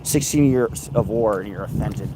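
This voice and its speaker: A rambling, sarcastic man chats to his live stream on a handheld phone as he walks down a city street. He swears freely and drifts between points. Steady traffic noise runs behind his voice. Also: lowish voice, moderate pace. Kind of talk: casual live stream chat. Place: outdoors on a city street, walking.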